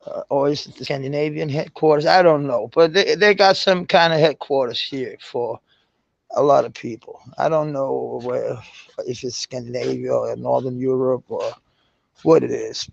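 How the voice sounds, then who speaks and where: A Danish man speaking English with a Danish accent tinged with American, chatting casually with viewers, halting and searching for words with many fillers and restarts. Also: medium pitch, vocal fry, dry recording, dull audio. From Denmark. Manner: swears casually. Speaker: live-stream host chatting with viewers. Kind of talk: casual chat.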